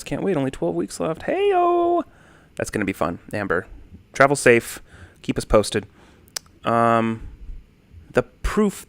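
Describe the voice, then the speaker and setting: Young man, livestream host, casual chat, animated, dry close sound. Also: on the high side, dry recording. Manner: laid-back, greets chatters by name, animated swings. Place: at home. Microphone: desk condenser mic.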